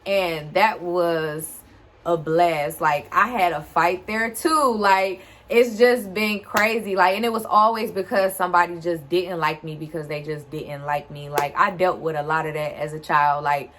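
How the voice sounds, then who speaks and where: A woman's voice: fairly low pitch, steady tone, unhurried, a bit bright, a little hiss or hum. A woman, animatedly telling a casual storytime straight to her viewers. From Detroit, USA. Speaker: vlogger.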